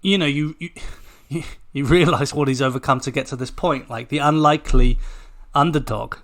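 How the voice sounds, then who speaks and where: A man co-hosting a sports podcast in casual chat, measured and analytical, often breaking off and restarting. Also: mid-range voice, a bit bright. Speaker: podcast co-host.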